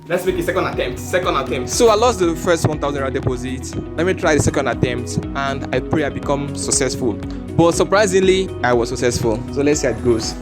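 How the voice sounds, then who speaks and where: Excitable man in an echoey room. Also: fairly high pitch, a little fast, over music. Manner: excitable, pleading and swearing while betting. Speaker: gambling vlogger. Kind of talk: casual narration and live reactions.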